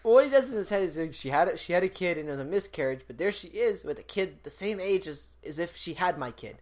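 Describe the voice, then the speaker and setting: A man's voice: high-pitched, animated, fast talker. A male podcast co-host talking casually about an episode. He rambles, circles back on his words, and chuckles between thoughts. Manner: rambling, hesitant fillers and restarts, chuckles often. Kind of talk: casual chat.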